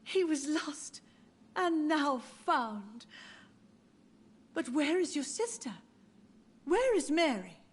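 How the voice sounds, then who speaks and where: A woman's voice: high-pitched, very animated, takes it slowly, long pauses, full character voice. A woman voicing an elderly, confused mother who mourns her dead children, in game dialogue with a dreamy, wandering delivery that drifts into whispers. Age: older. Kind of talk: video game voice acting.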